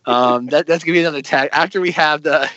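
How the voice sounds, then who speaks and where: A man's voice: on the high side, fast talker, bright, forceful tone, no room sound, muffled recording. A man co-hosting a casual podcast, cracking dry jokes. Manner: dry wisecracks. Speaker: podcast co-host.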